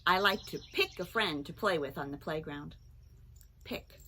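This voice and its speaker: A woman teacher giving a children's phonics lesson, speaking clearly and encouragingly and breaking into song with the kids. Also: sits low, measured pace, pushed and bright, slight background noise.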